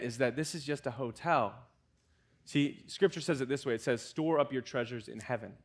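A young American man, a student pastor, preaching a conversational sermon with lively asides to the congregation. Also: medium pitch. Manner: conversational, animated preaching with fillers and audience asides.

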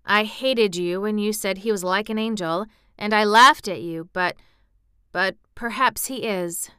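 A frail, excitable young boy from a storybook, voiced by a woman reading aloud. His speech comes out eager and pleading, with a fretful edge. The sound is bright, very clear and dry. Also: medium pitch, measured pace, dry recording. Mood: wistful.

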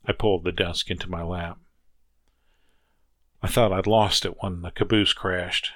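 A man narrating a first-person story as an audiobook reader, measured and reflective. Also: low-pitched, a bit bright, no room sound.

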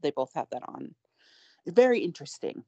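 A woman's voice: low-pitched, sing-song, normal speed, mellow, no room sound, lo-fi sound. A woman co-hosting a podcast in casual chat, rambling and self-deprecating with frequent giggles. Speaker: podcast co-host.

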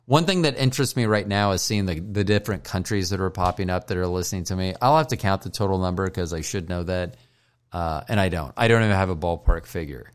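A man's voice: deep voice, fast talker, clean tone. A man hosting a solo podcast while stoned, rambling, joking and swearing, with frequent apologies and self-deprecation. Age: older. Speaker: podcast host.

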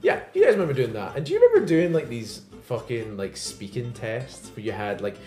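A man's voice: medium pitch, sing-song, fairly quick, dark tone. A young man and podcast co-host, telling a rambling story in casual, tipsy banter with lots of laughing. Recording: roomy echo, music behind.

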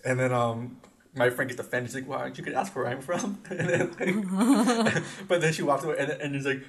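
A man's voice: medium pitch, moderate pace. A young man from the Los Angeles area, co-hosting a podcast and telling stories in casual chat, acting out the quotes. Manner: animated storytelling, acting out quotes. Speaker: podcast co-host.

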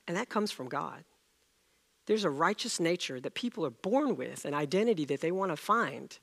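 A middle-aged man preaching a sermon, telling a story and acting out the dialogue with lively energy. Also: on the high side, moderate pace, gravelly. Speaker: pastor.

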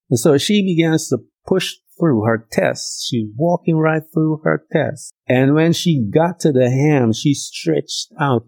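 A man preaching a casual sermon, telling scripture stories in a conversational, slangy way and acting out the characters' lines with sudden jumps in pitch. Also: gravelly, a little mellow, slightly rough, rough recording.

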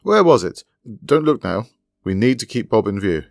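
A man voicing a courteous, enigmatic older male sleuth who asks polite, measured questions. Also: lowish voice, big pitch swings, gravelly, no room sound, studio quality, voice pushed up.

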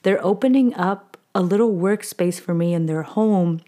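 A woman's voice: medium pitch, normal speed, dark tone. A young woman from Southern California hosting a casual solo podcast, rambling and heartfelt, switching between English and Spanish and often saying "like". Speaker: podcast host.

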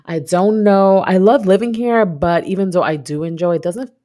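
A woman's voice: on the low side, normal speed, warm tone. A woman from Brooklyn with a New York accent, hosting a podcast in reflective, chatty casual talk. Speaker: podcast host. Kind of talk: casual solo podcast chat.

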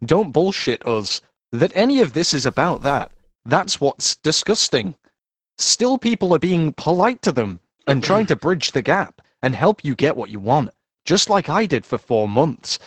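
A man's voice: a little high, very animated, a little slow, husky, no room sound. A man co-hosting a podcast, reading a statement aloud in a mocking tone and often breaking into laughter.

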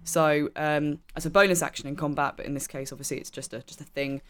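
A woman's voice: low voice, steady tone, fast, smooth. Chatty, giggly woman playing a tabletop game. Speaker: player. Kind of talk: casual tabletop game chat.

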